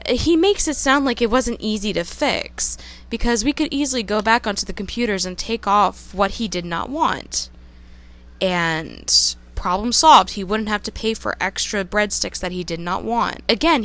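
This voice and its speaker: Slow, candid young woman telling a story. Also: mid-range voice, a bit bright. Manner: candid, profane and emotional. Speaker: storytime vlogger. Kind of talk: casual storytelling monologue.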